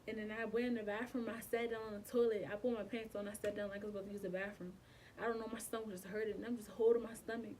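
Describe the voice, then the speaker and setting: A woman's voice: medium pitch, fairly even intonation, fast, darkish tone, far from the mic, a little hiss or hum, low-quality recording. A young woman, telling a painful personal story in a casual, emotional way, with frequent swearing and slang. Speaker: vlogger. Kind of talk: storytime vlog.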